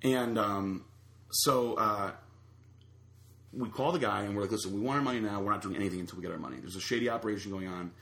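Guy rattling off a story fast, lowish voice, roomy echo, does all the quotes. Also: vocal fry. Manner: animated storyteller acting out quotes. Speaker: storyteller guest. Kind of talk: casual chat, anecdote.

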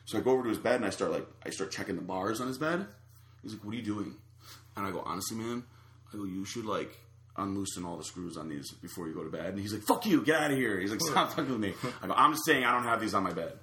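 A man's voice: fairly low pitch, quick pace, echoey room. A man casually telling a long anecdote, acting out the other people's lines. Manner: animated storyteller acting out quotes. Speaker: storyteller guest.

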